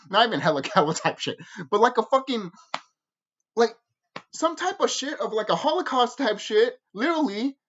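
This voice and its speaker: This man's voice is extremely high, and he talks at a normal pace in a muffled recording with a bit of hiss or hum. His casual, rambling video review is animated, full of profanity and frequent laughter.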